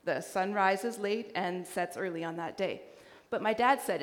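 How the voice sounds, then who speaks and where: A woman's voice: mid-range voice, a little slow. Woman preaching in a reverberant church hall. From Canada. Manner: animated storyteller acting out dialogue. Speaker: guest preacher. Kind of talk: storytelling sermon.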